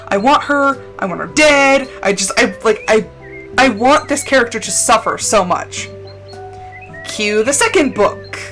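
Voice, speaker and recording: A woman streaming a game, chatting casually and rambling off on tangents in an expressive way. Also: fairly high pitch. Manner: animated and expressive. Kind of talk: casual gameplay chat.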